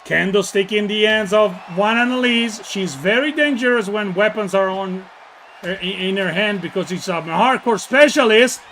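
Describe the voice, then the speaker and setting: A man with an Italian accent calling wrestling play by play, bursting into shouts on big moves and joking with his co-hosts. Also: high-pitched, moderate pace, slight background noise. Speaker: wrestling commentator. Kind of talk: excited play-by-play commentary.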